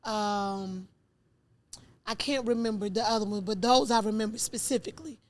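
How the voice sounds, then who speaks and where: A middle-aged woman telling her own story in an interview, acting out dialogue with lively jumps in voice. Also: normal speed. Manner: animated, acts out dialogue with rising pitch.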